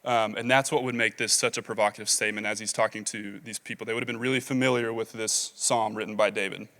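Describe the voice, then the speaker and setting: A man's voice: on the low side, fairly even intonation, fast talker, a bit bright. A man preaching a sermon as pastor, talking casually with many fillers and reading scripture aloud. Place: large church hall. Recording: long reverb of a large hall.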